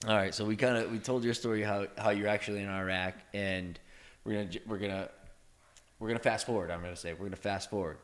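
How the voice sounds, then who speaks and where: A man's voice: on the low side, steady tone, fast talker. A man hosting a podcast interview, prompting his guest casually and laughing easily. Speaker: podcast host.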